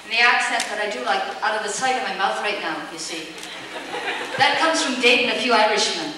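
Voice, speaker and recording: A woman's voice: medium pitch, fast. A woman in her forties, an actress answering fan questions casually with frequent laughs and "you see.". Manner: chatty, laughing, says "you see" often. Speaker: actress guest at fan convention Q&A. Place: large convention hall. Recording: echoey hall taped from far off, noisy.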